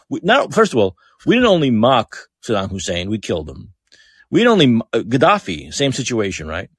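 A man's voice: mid-range voice, slight background noise. A man hosting a podcast, delivering blunt, heated political commentary, swearing freely and repeating phrases for emphasis. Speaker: podcast host.

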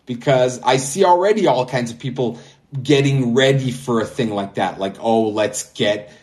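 A man's voice: medium pitch, normal speed, darkish tone. A man co-hosting a call-in podcast, talking casually and rambling with lots of fillers, laughing at his own jokes. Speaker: podcast co-host. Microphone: remote call-in app.

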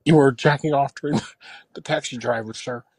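A man playing a quiet, prim actress calling in, murmuring low and polite. It is an improvised comedy bit. Each line ends on a courteous "sir", set against a dry close mic. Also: steady tone, moderate pace, no room sound, close to an everyday voice, poor audio. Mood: prim, hushed. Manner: hushed, politely insistent, keeps adding "sir". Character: soft-spoken actress caller, prim and polite, says "sir".

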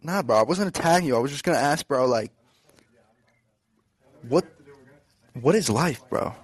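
A man's voice: a little high, lively intonation, moderate pace, husky. A man from the US East Coast calling in to troll a live show, drawling and saying bro constantly. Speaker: caller. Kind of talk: trolling call-in chat.

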